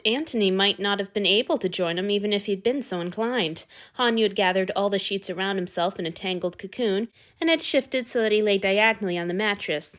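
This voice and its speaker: A woman narrating a fan fiction story aloud in a steady, even reading voice. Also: medium pitch.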